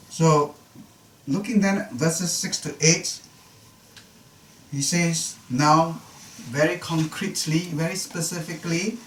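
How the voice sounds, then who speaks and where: A man's voice: on the high side, slow pace, pauses often. Man, Bible study teacher, explanatory, repetitive for emphasis, distant mic, echoey classroom. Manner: explanatory, repeats phrases for emphasis, occasional humor. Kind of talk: unscripted Bible class lecture. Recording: roomy live class recording from a distance, faint noise.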